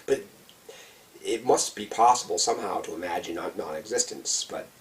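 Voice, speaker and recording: Casting: man mid-trip, rambling and awed, swears a lot, low voice, recorded off-mic. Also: normal speed, far from the mic. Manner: rambling, awed, heavy swearing, many restarts. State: on psychedelic mushrooms. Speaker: vlogger giving a trip report. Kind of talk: rambling spoken trip report.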